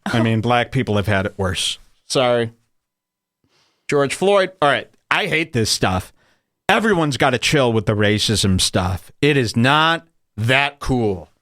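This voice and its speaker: A man's voice: medium pitch, big pitch swings, a little slow, a bit bright, no echo, clean studio sound. A man hosting a comedy podcast, ranting in a crude, emphatic way. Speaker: podcast host. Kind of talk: comedic rant.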